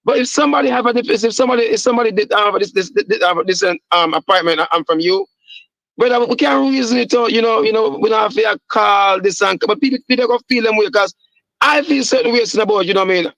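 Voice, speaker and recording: High, fast Jamaican host calming a debate. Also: male voice, creaky, no echo, rough recording. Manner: calming, keeps cutting in to moderate. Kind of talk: casual panel debate.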